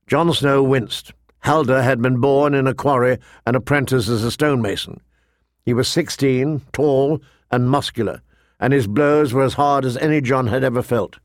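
A man narrating a fantasy novel in a measured, steady storytelling voice. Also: medium pitch, no room sound, studio quality. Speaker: audiobook narrator.

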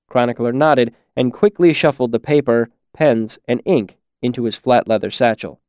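Guy reading an audiobook, steady, dead dry recording. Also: medium pitch, moderate pace, hardly any pauses, dry recording. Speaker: audiobook narrator. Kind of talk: audiobook narration.

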